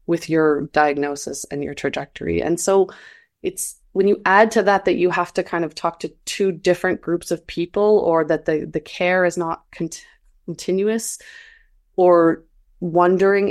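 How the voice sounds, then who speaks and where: A woman's voice: lowish voice, darkish tone. A woman speaking earnestly in a conversation, reflective and searching for words as she goes.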